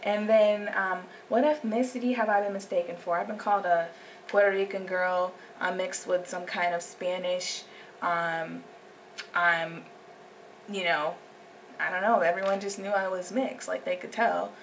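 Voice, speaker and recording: A young woman talking casually on her vlog, animated, slipping into whispered asides. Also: fairly low pitch, measured pace. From United States. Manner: animated, drops into whispered asides and acted quotes. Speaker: vlogger. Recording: distant mic with faint background noise.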